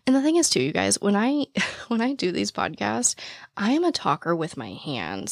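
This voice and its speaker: A woman hosting a podcast after-show in casual chat, with a naturally raspy voice, talking very fast and out of breath. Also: on the low side, no echo, clean studio sound. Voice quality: naturally raspy voice with vocal fry. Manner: talks very fast, excited and rambling. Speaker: podcast host. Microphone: studio microphone, standing.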